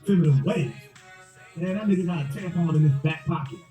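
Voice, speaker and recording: A man's voice: a little high, fairly quick, warm tone. A man delivering a mocking rant and repeating his taunts over and over. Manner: repetitive, taunting. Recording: roomy, distant mic with faint music.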